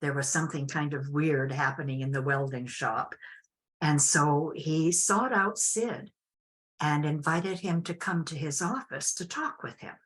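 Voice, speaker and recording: An older woman telling a personal story as an interview guest, unhurried and reflective with frequent restarts. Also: sits low, fairly bright tone.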